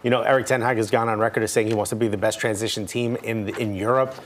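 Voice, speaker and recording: A man's voice: lowish voice, steady tone, quick pace, slight background noise. A man talking soccer on a casual podcast panel, analytical and reeling off stats, with dry sarcasm. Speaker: soccer pundit.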